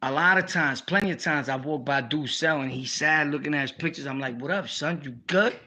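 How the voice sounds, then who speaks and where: A young man with a New York accent telling jail stories in a casual, slangy, animated way for his video channel. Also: a little high, fairly quick. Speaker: YouTube storyteller. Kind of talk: casual storytelling vlog.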